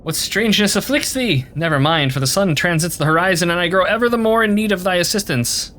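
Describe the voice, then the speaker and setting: A man's voice: high-pitched, fast, a bit bright, voice pushed up. A man voicing a stiff, pompous landlord who speaks in an old-fashioned, formal way. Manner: old-fashioned thee-and-thou speech.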